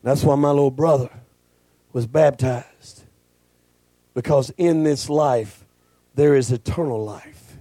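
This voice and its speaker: A male pastor, preaching a folksy, joking sermon that swells into shouting. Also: mid-range voice, slow pace, long pauses, no echo.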